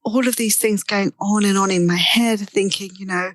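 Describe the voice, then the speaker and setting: A middle-aged woman, a therapist guest, telling a personal story in an interview with animated delivery and frequent restarts. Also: medium pitch, moderate pace, no echo.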